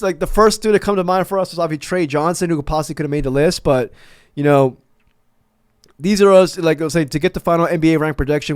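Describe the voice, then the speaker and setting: Male fan commentator, slightly high pitch, casual and profane, dry recording. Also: smooth, no room sound. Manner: rambling, stammering restarts, profane asides.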